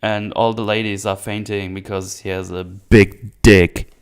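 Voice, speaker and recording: A young man with a low, clean, smooth voice talks through a movie scene by scene in a loose, casual chat. He is animated and mocking, and keeps slipping into jokey quotes from the characters. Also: unhurried. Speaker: podcast host.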